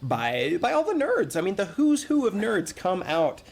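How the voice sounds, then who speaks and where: A man's voice: sits high, huge pitch swings, normal speed, gravelly, breathy edge. A man hosting a casual fan chat, joking around and talking with enthusiasm. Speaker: host.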